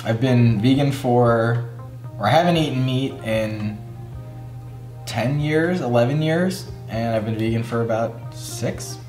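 A man's voice: medium pitch, measured pace, darkish tone. A man chatting casually as a vegan taste tester, making brief easygoing remarks. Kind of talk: casual chat. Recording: roomy room with background music.

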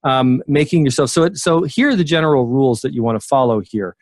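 A man's voice: medium pitch, lively intonation, fast talker, a little mellow, no echo. Rambling man, dry close sound. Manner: rambling, many fillers and restarts. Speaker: memory expert guest. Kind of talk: casual interview talk.

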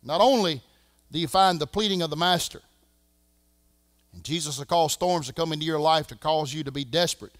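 A Southern man preaching a sermon as pastor, swinging from shouting to a hush. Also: on the high side, brisk, no room sound, clean studio sound. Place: church sanctuary.

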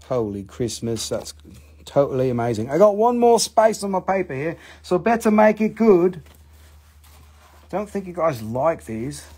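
Male live-sale host, excitable and joking, slightly higher voice. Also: a little slow, husky. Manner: excitable, swears, jokes, talks to viewers. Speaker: live-stream seller of minerals. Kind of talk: casual live-sale patter.

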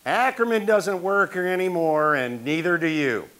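A man's voice: a little high, normal speed, a bit bright, voice pushed up, natural voice. A man voicing a brusque front-office colonel who speaks in curt, clipped lines.

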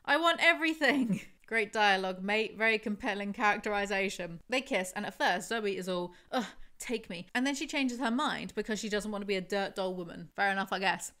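A woman's voice: mid-range voice, steady tone, brisk, few pauses, fairly bright tone. Sarcastic young woman reviewing a book. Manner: sarcastic, mocking asides. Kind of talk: book review commentary reading excerpts.

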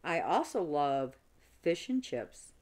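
A woman's voice: deep voice, sing-song, slow pace, a little mellow, full character voice. A woman reading aloud, voicing a young female teacher from England who is dramatic and a bit whiny. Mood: chatty.

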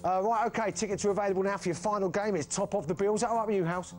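Brief: jokey male TV host, high-pitched, bantering over loud background music. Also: fairly even intonation, very fast. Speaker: TV game show host. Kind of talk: live TV presenting over music.

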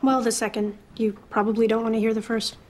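A woman in a sitcom, talking in a deadpan, unhurried way. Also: on the high side, a little hiss or hum. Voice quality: deadpan, slow. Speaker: sitcom character. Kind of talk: sitcom acting.

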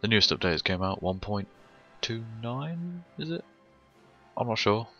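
A man's voice: lowish voice, big pitch swings, normal speed, a bit bright, highs cut off, faint music behind. A young British man giving rambling, casual gameplay commentary, swearing a lot and chuckling often.

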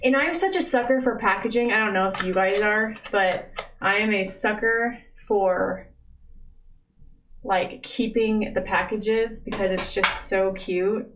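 A young woman chatting live to her stream from home, sitting right up against her microphone. She gushes and gasps over each thing she unwraps, and "like" and "oh my gosh" keep filling her sentences. Her voice sits at an ordinary middle pitch. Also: unhurried, low-quality recording. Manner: gushing, excitable, lots of "like" and "oh my gosh". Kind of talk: casual live-stream unboxing chat. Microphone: close desk mic.

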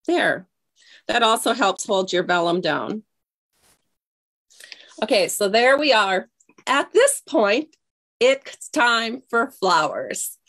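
A woman's voice: fairly high pitch, expressive, takes it slowly, pauses often, fairly bright tone. Chatty woman demonstrating a craft project. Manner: chatty, scattered, loses her train of thought. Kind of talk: casual craft tutorial.

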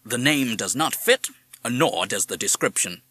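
A man's voice: medium pitch, animated, a little slow, sharp tone, breathy edge, dry recording, clean studio sound, heavily acted. A man voicing a chatty, polite male pet parrot with a folksy, courteous drawl in a storybook reading.

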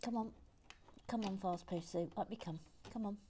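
A woman hosting a relaxed live Lego build, reading chat aloud with dry humour and murmuring asides while she works. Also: medium pitch, moderate pace, slight background noise.

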